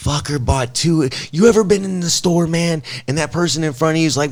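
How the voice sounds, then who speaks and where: A young man co-hosting a podcast, reading out odd news stories and joking crudely, often breaking into loud laughter. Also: a little high, brisk. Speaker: podcast co-host. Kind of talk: casual chat, reading news items.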